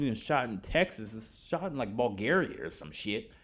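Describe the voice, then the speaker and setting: A man talking loosely and fast in a casual podcast rant, slangy and profane. His voice sits at an ordinary middle pitch, and he swings from low muttering to loud outrage. He sounds like a host speaking straight to his listeners. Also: breathy edge. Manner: animated, profane, exasperated, slangy. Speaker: podcast host reviewing films.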